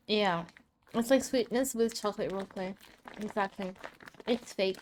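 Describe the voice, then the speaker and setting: A woman's voice: mid-range voice, normal speed, slight background noise. Chatty woman streamer drawing and eating. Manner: chatty, laughs often, talks while eating. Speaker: art streamer. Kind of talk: casual chat while drawing.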